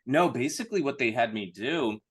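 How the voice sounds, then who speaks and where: A man's voice: medium pitch, lively intonation, brisk, breathy edge. A man hosting a casual interview, rambling and poking fun at himself. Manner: self-deprecating, rambling. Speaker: host.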